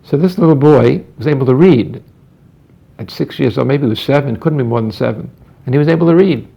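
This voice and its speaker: Male therapist telling a client story, gravelly voice, acts out the lines, muffled lo-fi audio. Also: medium pitch, fairly quick. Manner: acts out dialogue in quotes, repeats words. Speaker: psychologist. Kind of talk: anecdotal storytelling talk. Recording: dull lo-fi recording.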